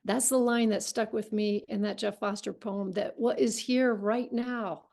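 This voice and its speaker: A woman leading a healing writing workshop on a video call, speaking in a gentle, encouraging and reflective way. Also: mid-range voice, steady tone, measured pace, creaky.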